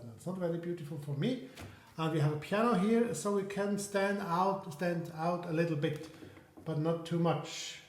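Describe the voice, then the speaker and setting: A man's voice: fairly high pitch, darkish tone. Reflective man teaching piano, echoey room. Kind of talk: piano lesson explanation.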